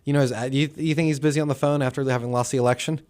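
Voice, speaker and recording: A man's voice: mid-range voice, steady tone, rapid-fire, darkish tone. A young man co-hosting a talk show, joking and teasing his partner in casual political banter. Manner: joking, teasing, laughs often. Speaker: co-host.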